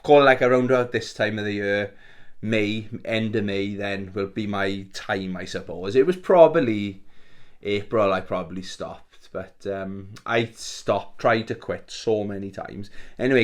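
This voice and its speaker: Chatty candid man vlogging. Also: fairly low pitch. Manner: chatty, candid, self-interrupting with fillers. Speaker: gaming channel host. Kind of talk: casual rambling vlog.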